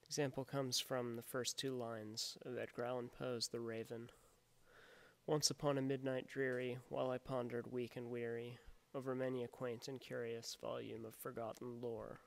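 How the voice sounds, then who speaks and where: Male poetry lecturer: gravelly voice, low on melody, calm and methodical. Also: moderate pace. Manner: steady explanatory delivery, reading verse with exaggerated stresses. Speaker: teacher. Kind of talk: recorded lecture on poetic meter.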